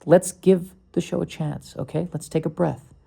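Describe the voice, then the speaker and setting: A man's voice: on the high side, fairly even intonation, moderate pace, gravelly, mellow, husky. A man hosting his own podcast, rambling casually with sarcasm, restarts and bursts of mock panic. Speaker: podcast host.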